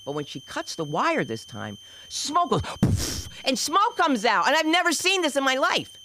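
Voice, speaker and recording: A woman doing stand-up comedy on a club stage, telling stories in a lively, swooping way and throwing in shouted sound effects. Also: sits high, moderate pace, slight background noise, poor audio.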